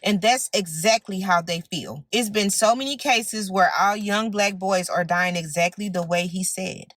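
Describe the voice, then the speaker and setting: A woman speaks straight to her audience in an earnest, urging tone, at a middle pitch. Her voice is close and dry, with no room sound. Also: moderate pace, a bit bright, no echo. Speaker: commentator. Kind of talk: direct-to-camera commentary.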